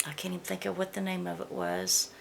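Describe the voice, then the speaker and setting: Talking fast with a flat delivery, a Southern American woman with a fairly low, gravelly voice unboxes a beauty box for her viewers. She reads the product descriptions out loud, stumbling on the names, and the recording carries a slight hiss or hum.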